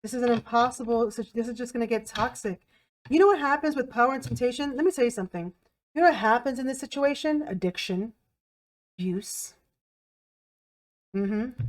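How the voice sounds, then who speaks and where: A woman's voice: fairly high pitch, normal speed, pauses often. A woman giving a tarot reading to camera in a blunt, emphatic way, repeating herself and swearing freely. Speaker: tarot reader.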